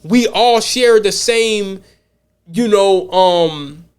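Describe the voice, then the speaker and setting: A man's voice: high-pitched, very slow, clear, resonant tone. An American man hosting a podcast, talking casually in a blunt, profane way, often repeating words as he thinks. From United States. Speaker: podcast host.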